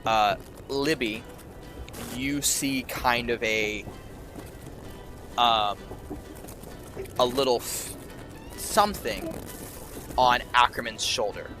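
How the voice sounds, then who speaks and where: A man narrating as game master in loose, hesitant speech with many fillers, sometimes dropping to a hushed whisper, over a video call. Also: mid-range voice. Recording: music playing underneath.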